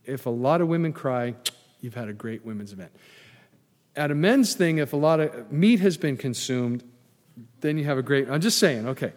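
A man's voice: a little high, expressive, moderate pace, darkish tone. Preaching man in a reverberant hall. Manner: conversational preaching with asides and humor. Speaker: pastor. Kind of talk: sermon. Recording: long reverb in a large hall.

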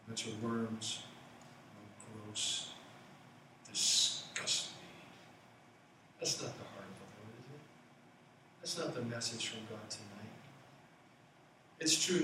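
A man's voice: medium pitch, background noise. A man preaching a sermon as a pastor, conversational, with playful asides. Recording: roomy echo from far off.

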